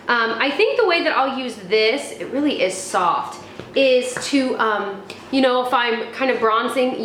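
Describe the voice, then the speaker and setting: A woman's voice: fairly high pitch, fairly bright tone. A young woman reviewing beauty products in a casual chat, rambling with fillers and restarts. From United States. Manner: chatty, many fillers and restarts. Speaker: beauty vlogger. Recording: echoey room, faint background noise.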